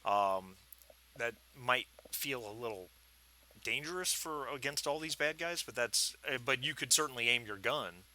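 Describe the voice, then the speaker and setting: A man running a tabletop game as game master, talking in a relaxed, hesitant way with many fillers. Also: medium pitch, measured pace.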